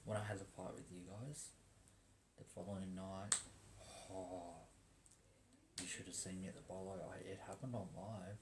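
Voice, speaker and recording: A young man telling a story on a livestream in a profane, swaggering, animated rant. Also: low voice, normal speed, pauses often, heavy background noise. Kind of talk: ranting casual storytelling.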